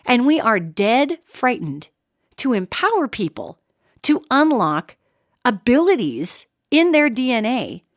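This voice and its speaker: A middle-aged woman hosting a solo podcast, talking in an animated, emphatic way and calling her listeners "gang". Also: on the high side, no room sound, clean studio sound. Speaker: podcast host.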